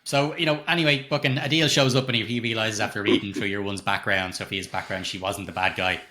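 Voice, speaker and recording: A quick-talking middle-aged man with a bright, forceful voice. He swears freely and acts out scenes from a film as he reviews it on a podcast. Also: fairly low pitch. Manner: sweary, animated, retells scenes with quoted lines. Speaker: podcast co-host. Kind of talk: casual film review chat.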